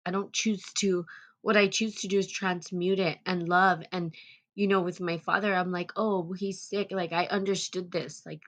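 A woman hosting a live stream, reading out viewer comments and telling an emotional personal story in a rambling way, close to tears. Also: lowish voice. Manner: rambling, with frequent restarts and loud bursts. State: on the verge of tears.

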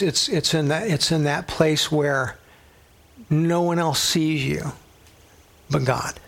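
Man, Bible study teacher, earnest, conversational, gravelly, husky. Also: mid-range voice, a bit bright. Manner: earnest, conversational, drops to a whisper for emphasis.

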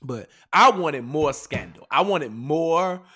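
A man co-hosting a podcast, talking in animated casual chat and laughing often as he tells stories. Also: a little high, slow pace, husky. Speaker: podcast co-host.

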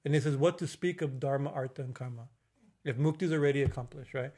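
With a mid-range, dark-toned voice, this middle-aged spiritual teacher delivers a casual religious talk. His speech stumbles along with fillers and false starts, often checking in with "right?".

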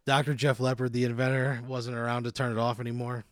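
A podcast host with a mid-range voice talks fast in a level tone, casually narrating a made-up scenario to his guest. He's laid-back and chuckles as he sets each scene, in improvised storytelling captured as a dry, studio-quality recording.

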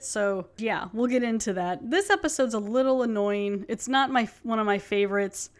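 A woman hosting a podcast, talking through an episode in a chatty, rambling way. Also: medium pitch. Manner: chatty, rambling with many fillers. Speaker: podcast host. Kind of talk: casual chat.

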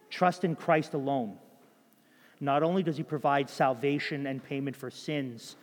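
Male pastor, slightly higher voice, earnest sermon delivery, long hall reverb. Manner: earnest, direct exhortation in short repeated phrases.

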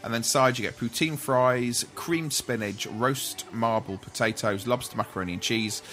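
A man with a mid-range voice and a bright, forceful tone hosts a casual podcast chat at a moderate pace, with soft music behind him. Chatty and often laughing along with his co-hosts, he reads menu items and lists aloud.

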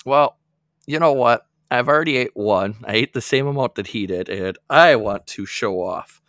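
Gravelly man telling a rambling story. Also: mid-range voice, normal speed, a bit bright, no room sound, studio quality. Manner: rambling, laughs often, acts out quoted friends. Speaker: podcast co-host. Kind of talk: casual storytelling chat.

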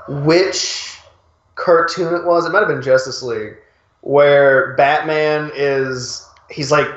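A man co-hosting a podcast, chatting casually in a rambling, halting way while he plays a video game. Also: a little high, a bit bright. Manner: rambling, halting restarts, chuckles while storytelling. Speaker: podcast co-host. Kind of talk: casual chat. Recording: echoey room, dull lo-fi sound. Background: video game playing in background.

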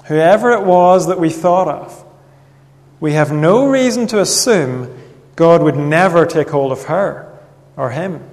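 A man preaching a sermon in an earnest, measured way, reading Bible passages aloud. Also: a little high, lively intonation, darkish tone. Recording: long reverb of a hall.

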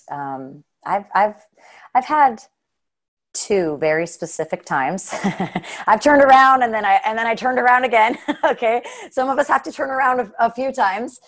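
A woman's voice: mid-range voice, unhurried. A woman from Southern Utah telling a heartfelt personal story in a casual, earnest way, with lots of fillers and "right?" tags. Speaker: guest.

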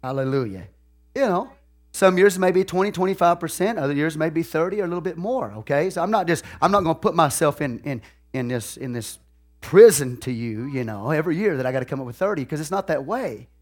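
This Texan pastor preaches briskly with lively intonation and a voice on the high side. His folksy delivery is dotted with "okay?" and "hallelujah," ranging from soft asides to shouted lines.

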